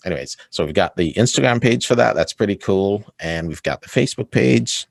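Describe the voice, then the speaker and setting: A man's voice: on the low side, a little fast, vocal fry, hardly any pauses, no echo. A man speaking as a guest on an interview podcast, enthusiastic, laughing often and tagging his points with "right?". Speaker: guest, sales coach. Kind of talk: casual interview chat.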